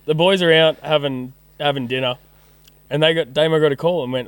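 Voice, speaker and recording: A young Australian man tells a story on a casual podcast, his voice a touch higher than most men's. He swears freely and acts out both sides of the conversation as he goes. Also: steady tone, a little fast, clean tone, dry recording. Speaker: podcast guest.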